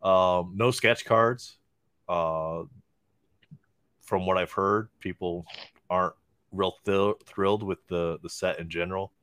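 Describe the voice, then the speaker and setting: A laid-back man co-hosting a podcast with a very deep, low voice, explaining things easily with plenty of ums. The sound is close and dry. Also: fairly even intonation, slow, pauses often, a bit bright, clean tone, no echo. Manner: laid-back, many fillers. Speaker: podcast co-host. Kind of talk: casual chat.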